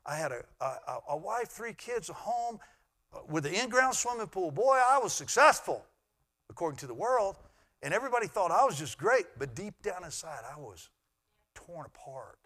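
A middle-aged man, a pastor, preaching a sermon in an earnest way that swings from loud to hushed. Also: sits high, very animated, normal speed.

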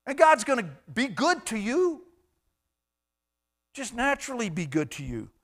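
A man's voice: very high voice, wildly swooping pitch, a little slow, a bit bright. A pastor preaching a sermon, emphatic and repetitive as he exhorts his congregation.

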